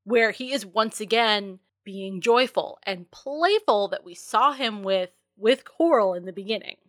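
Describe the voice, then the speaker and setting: A woman's voice: medium pitch, animated, unhurried, fairly bright tone, dry recording, studio quality. A woman from New England co-hosting a podcast, chatting enthusiastically about a movie. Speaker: podcast co-host. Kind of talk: casual movie discussion chat.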